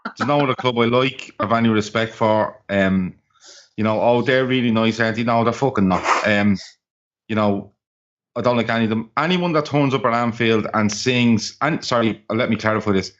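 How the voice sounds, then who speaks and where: A man with a fairly low voice co-hosts a football podcast, speaking at normal speed in blunt, sweary rants. The casual banter comes through as dull, lo-fi call audio.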